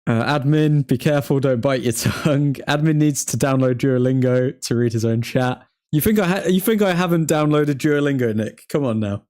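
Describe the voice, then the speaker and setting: On his live football watchalong, the host chats casually, wandering from topic to topic with plenty of laughter and pretend French. His mid-range voice is a little mellow, at normal speed with hardly any pauses.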